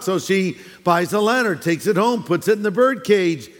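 A man's voice: high-pitched, lively intonation, moderate pace, few pauses. A pastor preaching a sermon to his congregation in a folksy, storytelling way, with restarts and asides to the listeners. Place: large church sanctuary. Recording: long hall reverb in a church.

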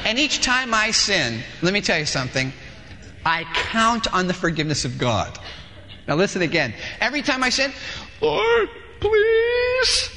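A male pastor preaching a sermon in a lively way, acting out dialogues in different voices, in a large church hall. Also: high-pitched, moderate pace. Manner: animated, acts out dialogues with shifting voices. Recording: long hall reverb.

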